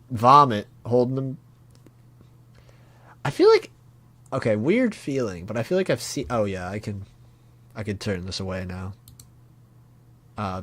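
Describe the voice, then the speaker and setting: Man with a lowish voice, casual live reaction, thinking aloud, blurts out surprise. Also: fairly bright tone. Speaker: manga reaction streamer. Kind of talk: live reaction, reading comic panels aloud.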